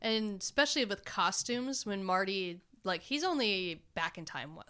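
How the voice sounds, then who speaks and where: A woman chatting casually about a film on a podcast, animated and quick to laugh. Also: medium pitch, crowd noise. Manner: animated, laughing, quotes characters in voices. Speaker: podcast guest. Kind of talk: casual chat.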